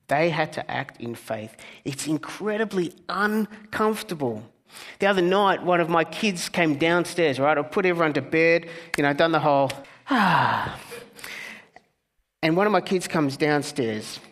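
A male pastor preaching a conversational sermon, earnest, with humorous asides and soft, hushed key words. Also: fairly high pitch. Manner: earnest, softening to near-whispers on key words.

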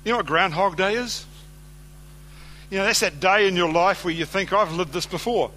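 A man's voice: high-pitched, moderate pace, pushed and bright, a little hiss or hum. A man preaching a sermon, reading scripture aloud and speaking conversationally, often putting questions to his listeners.

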